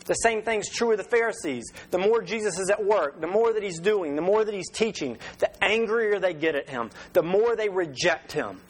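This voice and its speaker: A man's voice: high-pitched, animated, moderate pace, hardly any pauses, husky, poor audio. A man preaching a sermon as pastor in a conversational way, with rhetorical questions and restarts.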